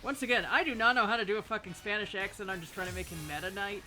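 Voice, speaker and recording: A let's-player chatting casually over gameplay, rambling from topic to topic with self-deprecating jokes. The voice is bright and forceful. Game music plays faintly underneath. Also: mid-range voice, very fast, low-quality recording.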